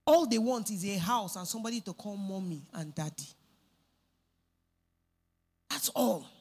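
A woman's voice: medium pitch, expressive, brisk, a little mellow. Lady preaching, punchy and repetitive, hammering each point home. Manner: emphatic, repeats phrases for stress. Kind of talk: sermon.

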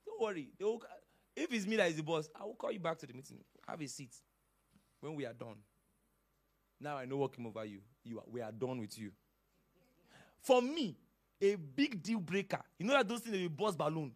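A man's voice: fairly high pitch, expressive, a little fast. A male pastor preaching a sermon in an emphatic, dramatic manner, with sudden outbursts.

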